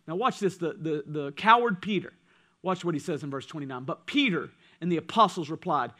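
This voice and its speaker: A man preaching a sermon as pastor, swinging from loud passages to hushed ones. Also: on the high side, lively intonation, fairly quick. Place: church.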